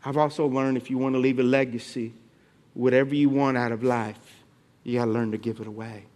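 A man's voice: medium pitch, fairly even intonation, fairly quick, darkish tone. A male preacher delivering a sermon in church, calling out to the congregation. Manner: calls out to the congregation.

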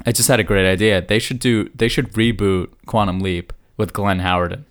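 Rambling, animated man co-hosting a podcast. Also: on the low side, moderate pace. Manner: rambling, animated storyteller who repeats himself. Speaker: podcast co-host. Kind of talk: casual chat.

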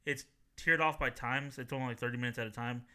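A man in his thirties co-hosting a podcast, who chats casually with friends and tells relaxed family stories, quoting his daughters. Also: medium pitch, quick pace, clean tone. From Texas. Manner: relaxed storyteller, quotes his young daughters. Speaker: podcast co-host. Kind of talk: casual chat among friends.

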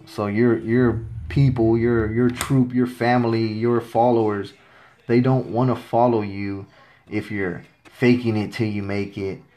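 A man's voice: mid-range voice, little pitch movement, measured pace, dark tone. Blunt, profane man telling a war story. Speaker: podcast host. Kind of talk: casual storytelling monologue.

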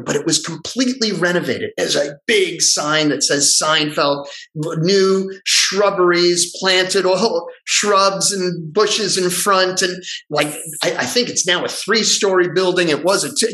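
A middle-aged man in casual conversation, telling a story in an animated way and acting out the voices of the people in it. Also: high voice, a little slow, rough recording. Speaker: guest actor telling a story.

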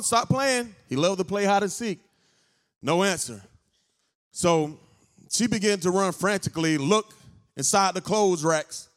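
Slow, high-voiced preacher telling a story. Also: male voice. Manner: unhurried storyteller who builds to fervent preaching. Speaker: pastor. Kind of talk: storytelling sermon. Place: church sanctuary.

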